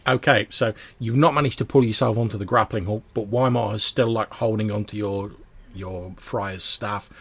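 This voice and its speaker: A man's voice: on the low side, steady tone, moderate pace, vocal fry, slightly rough. A man running a tabletop game as game master, explaining rules and describing scenes in a loose, rambling way.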